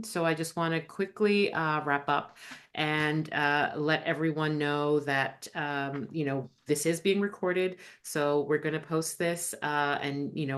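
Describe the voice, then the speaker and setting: A woman hosting an online webinar session, talking in a relaxed way with many fillers over a video call. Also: sits low. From Canada. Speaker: host.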